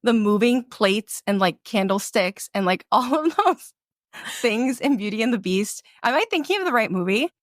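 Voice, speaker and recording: A young woman co-hosting a book podcast, chatting casually with many fillers and lively retellings. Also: a little high, moderate pace, dry recording, studio quality. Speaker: podcast co-host.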